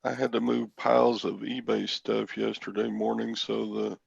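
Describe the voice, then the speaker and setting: A man's voice: fairly low pitch, little pitch movement, measured pace, gravelly, husky, no echo, highs cut off. A man hosting a casual chat show, telling a wry anecdote and acting out the dialogue. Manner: wry storyteller, acts out dialogue. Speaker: host.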